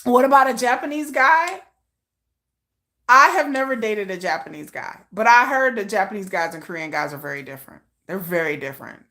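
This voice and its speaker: A woman hosting a casual livestream chat, telling stories in an animated way and acting out bits of quoted dialogue. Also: lowish voice, quick pace, hardly any pauses. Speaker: livestream host.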